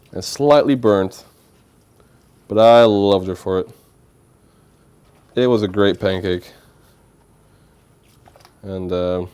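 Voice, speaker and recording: A man's voice: medium pitch, a little mellow, a little hiss or hum. A man telling a rambling, playful story on a casual livestream, with lots of filler words. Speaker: streamer.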